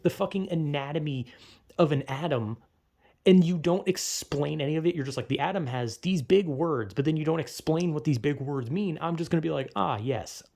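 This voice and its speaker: Gravelly young man ranting. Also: on the high side, a little mellow. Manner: profane, exasperated, acts out quoted people. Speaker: vlogger. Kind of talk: casual rant.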